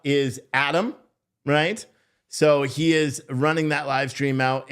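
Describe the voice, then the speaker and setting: A man's voice: mid-range voice, fairly bright tone, smooth. A man hosting a live stream, chatting casually and sarcastically with his viewers and swearing freely.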